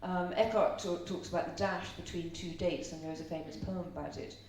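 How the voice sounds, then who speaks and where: Brisk and steady, with a lowish, darkish voice, a middle-aged woman from Ireland delivers a live seminar talk that is chatty and anecdotal, including questions to the audience. The distant mic picks up roomy echo and a faint hum.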